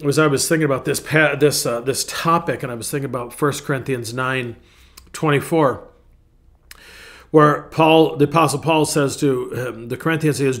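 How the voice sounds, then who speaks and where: A man's voice: medium pitch, moderate pace, fairly bright tone. A man pastor who gives a casual devotional talk, rambling and correcting himself as he goes. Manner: rambling, self-correcting, clears throat.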